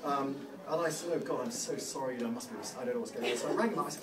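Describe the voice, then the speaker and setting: Man telling a halting eulogy in a hall. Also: on the high side, animated, a crowd in the background. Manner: halting, self-deprecating storytelling with many restarts. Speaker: son giving a eulogy. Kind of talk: anecdotal speech to a crowd. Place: large room at a funeral gathering. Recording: roomy hall, distant mic, audience laughter.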